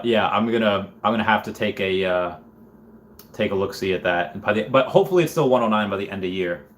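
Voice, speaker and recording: A man hosting a casual livestream, reading chat comments aloud and thinking out loud in a rambling way. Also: on the low side, slight background noise. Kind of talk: casual live-stream chat.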